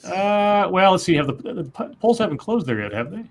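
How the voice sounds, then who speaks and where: A man hosting a live stream, going over results in a measured, hedging way and reading out viewer comments. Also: sits high, very animated. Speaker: host.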